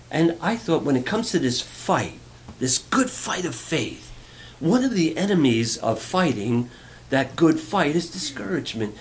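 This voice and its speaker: A man's voice: a little high, slight background noise. A male pastor giving a conversational, playful sermon, asking the congregation questions.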